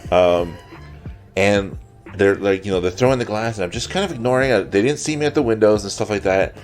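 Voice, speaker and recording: A man's voice: lowish voice, brisk, faint music behind. A man in a casual podcast chat, telling a long profane story, repeating his words as he goes. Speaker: podcast co-host.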